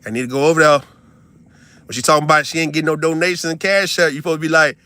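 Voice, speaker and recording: A young man, ranting to his stream audience in a heated, profane, incredulous way, swinging from loud outbursts to low mutters. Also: fairly even intonation, fast talker. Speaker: livestreamer venting to his audience. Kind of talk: heated casual rant.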